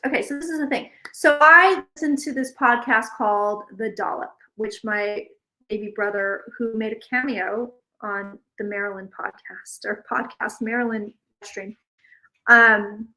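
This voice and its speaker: Chatty woman rambling to her viewers, swears a lot, bright sharp voice. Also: on the high side, moderate pace, poor audio. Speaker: psychic vlogger. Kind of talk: casual chat to viewers.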